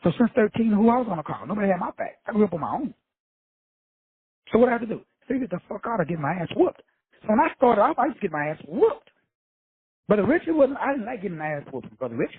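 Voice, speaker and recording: Host type: high, very raspy male voice, blunt and profane motivational talk, dry tinny phone-line sound. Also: sing-song, fast, no echo. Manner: blunt, profane, streetwise preaching. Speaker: motivational speaker, show host. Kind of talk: casual motivational monologue.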